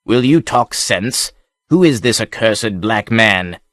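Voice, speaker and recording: A man's voice: fairly low pitch, lively intonation, a bit bright, no echo, clean studio sound. A man doing a growling buccaneer. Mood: snarling. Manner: slow, growling. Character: snarling, hot-tempered male buccaneer leader.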